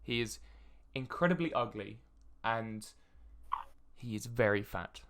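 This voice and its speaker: A man narrating a tabletop game as dungeon master, describing scenes with halting fillers. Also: lowish voice, lively intonation, fairly bright tone, slight background noise.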